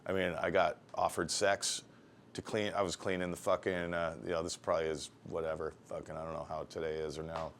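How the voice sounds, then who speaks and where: Deep-voiced man telling profane shop stories. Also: fairly quick, slight background noise. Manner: heavily profane, rambling anecdotes; animated when acting out dialogue. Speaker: tattoo artist interviewee. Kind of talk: casual storytelling interview.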